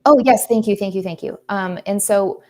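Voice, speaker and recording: A woman's voice: mid-range voice, normal speed, darkish tone. Chatty woman artist painting on a live stream. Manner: chatty and earnest, drifts into pep talks. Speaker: artist and teacher hosting a live creative stream. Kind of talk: casual chat while painting.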